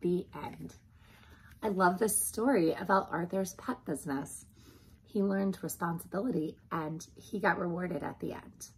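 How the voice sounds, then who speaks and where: A preschool teacher reading a picture book aloud to young children in a gentle manner. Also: female voice, on the low side, unhurried, a little hiss or hum, rough recording.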